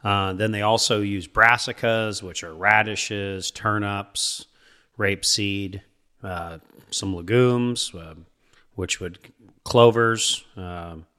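A man's voice: fairly low pitch, steady tone, slow pace, pushed and bright, clear, resonant tone. A man in his thirties from Iowa, a seed company co-founder chatting easily as a podcast guest. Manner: easygoing, rambling with fillers. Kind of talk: casual podcast interview.

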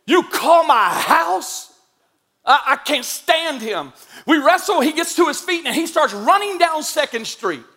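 A middle-aged man preaching a sermon, telling a story from his own life in an animated, humorous and emphatic way. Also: extremely high pitch, normal speed.

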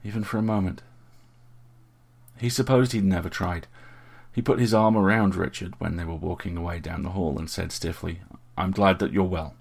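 Deep gravelly guy reading an audiobook, kinda husky, steady pace. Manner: steady, measured storytelling. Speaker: narrator. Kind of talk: audiobook narration.

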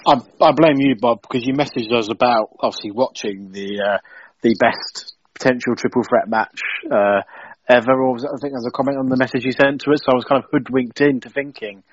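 A man's voice: mid-range voice, steady tone, brisk, husky, no room sound, muffled recording. A man co-hosting a casual podcast, talking in an exasperated way with stammered restarts. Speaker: podcast co-host. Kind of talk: casual wrestling review chat.

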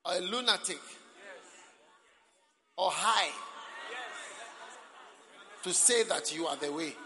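Preacher, bright and booming. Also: male voice, lively intonation, slow pace, vocal fry, long pauses, a faint crowd. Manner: emphatic, rising to shouts, calls for amen. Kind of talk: sermon. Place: large hall at a camp meeting. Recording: echoey hall.

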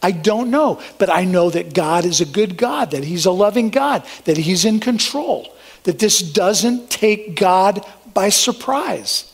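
A man with a high, light voice delivers a sermon. He reads scripture aloud with earnest emphasis. He steers his listeners through their printed outline point by point. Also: lively intonation, unhurried, breathy edge. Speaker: pastor.

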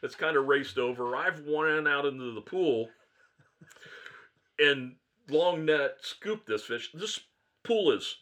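A man's voice: fairly high pitch, takes it slowly, pushed and bright. A man who owns a fly shop, a podcast guest telling a long fishing story in a rambling way, often correcting himself.

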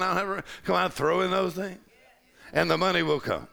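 A middle-aged man preaching a sermon in a large church, building from easy storytelling to shouted declarations. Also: a little high, expressive, normal speed, long pauses. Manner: rising to shouted declarations with a gravelly voice.

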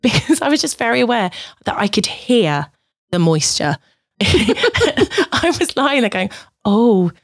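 A woman's voice: on the high side, big pitch swings, unhurried, dry recording, clean studio sound. A woman, a podcast guest in candid casual chat, giggly and self-conscious with many fillers.

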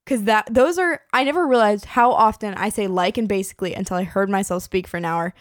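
A woman's voice: mid-range voice, quick pace, no echo. Young female podcast co-host, chatty and giggly, dry close mic. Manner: chatty, giggly, heavy on filler words. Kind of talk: casual chat.

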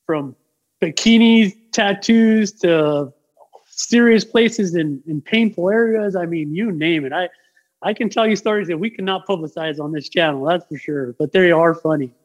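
A man who works as a tattoo artist, chatting casually as a podcast guest and telling stories in a rambling, animated way with lots of fillers. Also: high-pitched, moderate pace, muffled recording. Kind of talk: casual podcast chat, storytelling.

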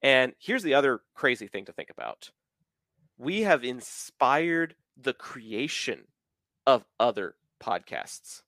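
A man's voice: mid-range voice, big pitch swings, takes it slowly, pushed and bright, no room sound. Chatty Southern-born man, podcast host. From American South. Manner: talkative, explains at length with filler words. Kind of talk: casual podcast chat.

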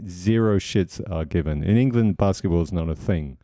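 A man's voice: deep voice, moderate pace, dark tone, no echo, clean studio sound. A man co-hosting a casual podcast, telling rambling, profane stories. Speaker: podcast co-host. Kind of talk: casual banter.

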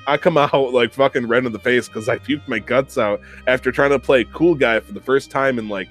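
A young man hosting a podcast, telling an animated, profane, self-mocking story in casual chat. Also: mid-range voice, fairly quick, few pauses, faint music behind. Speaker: podcast host.

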